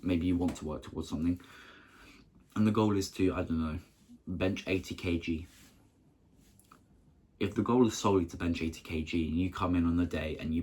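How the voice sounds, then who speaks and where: A young man giving a casual, earnest motivational talk to camera in short, halting phrases. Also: deep voice, darkish tone, a little hiss or hum. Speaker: motivational vlogger.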